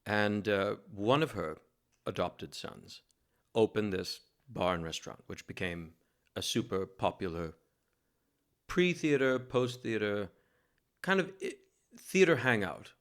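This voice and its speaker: A man from New York City, a guest telling a lively, self-mocking story in a casual interview and laughing as he goes. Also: fairly low pitch, a little slow.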